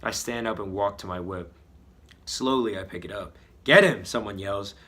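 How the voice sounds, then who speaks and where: A man's voice: lowish voice, steady tone, normal speed, fairly bright tone. A man reading a story he wrote as a child, joking about the spelling and the drawings as he goes. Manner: mocking his own old writing. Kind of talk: comedic read-aloud with commentary.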